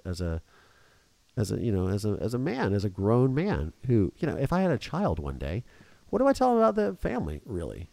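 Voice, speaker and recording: A man's voice: deep voice, mellow, dry recording. A young adult man hosting a podcast, telling an emotional family story in casual chat. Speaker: podcast host.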